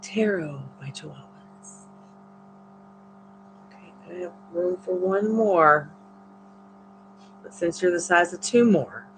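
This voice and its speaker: A woman's voice: fairly low pitch, expressive, takes it slowly, long pauses, slight background noise, low-quality recording. A woman hosting a live tarot stream who chats casually and coos playful baby talk to her dogs. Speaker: tarot reader and livestream host. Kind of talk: casual livestream chat.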